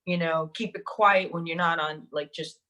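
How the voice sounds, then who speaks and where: A woman's voice: fairly low pitch, moderate pace. A woman guest, telling set stories in a loose, laughing way and acting out what people said. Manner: animated, laughing, swearing, acts out quotes. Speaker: podcast guest, actress and director. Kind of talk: casual storytelling interview.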